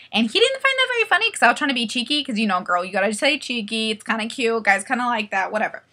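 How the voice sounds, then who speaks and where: A young woman in her twenties tells a wild story straight to camera, swearing and acting out every person she meets. Her voice is bright and forceful and sits a little high. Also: rapid-fire, hardly any pauses. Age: 20s. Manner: animated, profane, acts out quoted voices. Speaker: vlogger. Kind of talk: comedic storytelling vlog.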